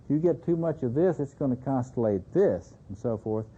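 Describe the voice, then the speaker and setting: Mellow-voiced male lecturer on old tape. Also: medium pitch, expressive, brisk, husky, dull audio. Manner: conversational, keeps checking in with "you see". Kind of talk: seminar lecture.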